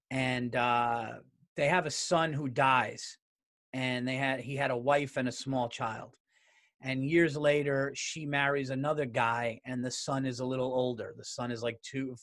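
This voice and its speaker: A man hosting his own podcast solo, ranting in a blunt, profane, fired-up way. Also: fairly high pitch. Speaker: podcast host.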